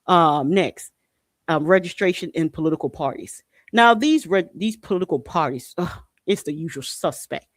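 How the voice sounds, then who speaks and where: A man's voice: on the high side, expressive, moderate pace, a bit bright, no room sound, studio quality. A man hosting a podcast, reading news articles aloud and commenting on them in a blunt, indignant way, swearing and repeating himself. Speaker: podcast host.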